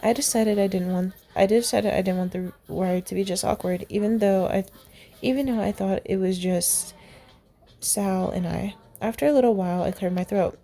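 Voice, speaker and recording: A woman's voice: mid-range voice, normal speed, mellow. A young woman reading a fan story aloud, voicing the characters in her own voice and laughing and commenting along the way. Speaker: fan fiction reader.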